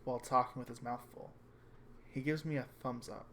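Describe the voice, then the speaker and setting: A man reading a visual novel aloud with calm first-person narration. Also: medium pitch, fairly quick, a little hiss or hum. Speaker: reader.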